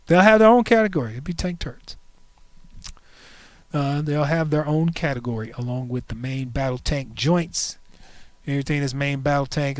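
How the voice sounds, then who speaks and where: High-voiced joking stream host in his forties. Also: no room sound. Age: 40s. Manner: playful, joking, animated asides to chat. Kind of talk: casual livestream chat.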